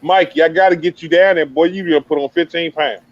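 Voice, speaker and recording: A man's voice: on the high side, steady tone, a little fast, no room sound, dull audio. A man hosting a casual sports talk show, hyped and slangy, laughing easily. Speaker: host.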